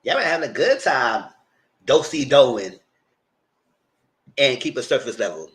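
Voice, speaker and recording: A man's voice: medium pitch, very animated, measured pace, a bit bright. Chatty man recapping with blunt asides. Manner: chatty, blunt, acts out what he told the cast. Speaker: commentary channel host. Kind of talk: casual livestream commentary.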